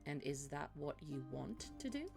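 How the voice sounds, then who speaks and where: A woman voicing a calm innkeeper who speaks gently and encouragingly in a cosy tavern role-play. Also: deep voice, normal speed, gravelly, music in the background, pitched below the performer's own voice, heavily acted. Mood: gentle.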